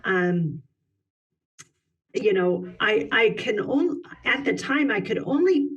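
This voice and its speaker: A middle-aged woman telling a personal story as a podcast guest, halting, with many pauses and restarts. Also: mid-range voice, expressive, distant mic, muffled recording.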